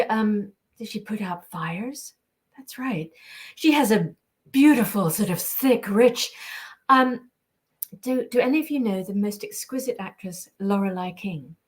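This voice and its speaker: A British woman chats easily on a live stream, reading viewer questions aloud and answering each one in a relaxed way. She speaks at an everyday middle pitch. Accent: British English. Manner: chatty, reads viewer comments aloud and answers them. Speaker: voice actress hosting a live signing stream. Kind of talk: casual live-stream chat.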